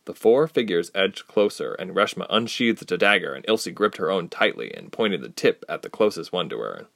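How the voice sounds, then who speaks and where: A man narrating a fantasy storybook aloud, expressive and acting out each character. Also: low voice, normal speed, creaky, dry recording, clean studio sound.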